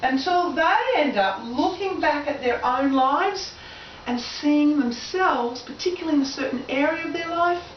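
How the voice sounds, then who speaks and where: Australian woman presenter, fairly high voice, engaging seminar style; roomy, distant, dull camera sound. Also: moderate pace, slight background noise. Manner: lively, engaging, asks audience questions. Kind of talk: motivational seminar talk. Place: room with an audience.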